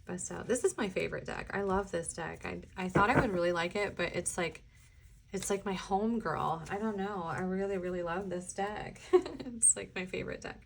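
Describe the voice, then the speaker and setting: A woman from the Midwest talks loosely through a tarot reading, wandering off on tangents and laughing along the way. Her voice sits a little low. A faint hiss runs under the recording. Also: normal speed, vocal fry. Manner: chatty and rambling, laughs often, sometimes sings along. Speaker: tarot reader. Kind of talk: casual pick-a-card reading chat.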